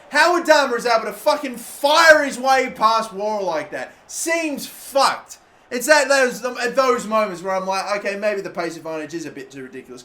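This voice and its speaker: Young Aussie guy, high voice, frustrated, cursing gameplay commentary, faint hiss behind. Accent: Australian. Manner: exasperated, swearing, animated outbursts. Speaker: gaming YouTuber.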